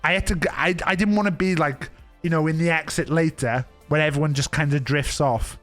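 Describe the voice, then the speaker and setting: A man's voice: a little high, fairly even intonation, brisk, a bit bright, faint music behind. A male streamer telling rambling anecdotes in casual chat, laughing and breaking off his own sentences.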